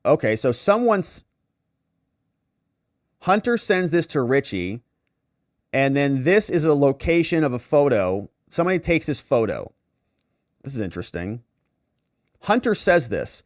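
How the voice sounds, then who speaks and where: A man's voice: mid-range voice, very animated, measured pace, pauses often, dry recording, clean studio sound. A man hosting a legal commentary show, talking casually and thinking aloud as he walks through a set of messages. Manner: thinking aloud, conversational, with fillers.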